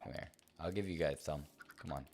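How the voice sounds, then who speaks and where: A man's voice: extremely low pitch, fairly quick, noisy background. A man casually commenting as he plays a game, playful and rambling, talking to himself and to the game. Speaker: streamer.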